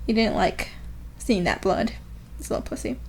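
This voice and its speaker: A woman's voice: mid-range voice, normal speed, vocal fry, a little hiss or hum. A woman co-hosting a podcast, recapping a novel in casual chat and laughing often as she retells each scene. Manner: animated retelling, reading quotes aloud with laughter. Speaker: podcast co-host.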